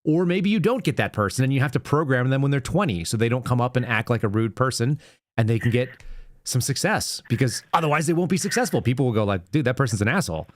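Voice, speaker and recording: A man's voice: medium pitch, expressive, quick pace, dry recording. A man hosting a call-in show, giving earnest advice in casual chat and walking through examples step by step.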